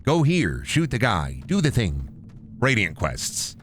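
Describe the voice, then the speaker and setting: Here a man with a lowish voice takes his time, cursing and ranting as he plays through a game on stream. There's a bit of background noise under his rambling, animated commentary.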